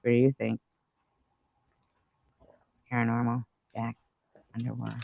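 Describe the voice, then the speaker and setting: A man's voice: medium pitch, measured pace, pauses often, dry recording, phone-quality sound. A man hosting a live stream, rambling through a story in casual chat with lots of fillers and the odd swear word.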